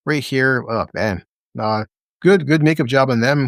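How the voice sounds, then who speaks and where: A man's voice: mid-range voice, normal speed, no echo, clean studio sound. A man casually reviewing a TV episode, blunt and swearing a lot as he talks through the scenes. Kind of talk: casual profane reaction commentary.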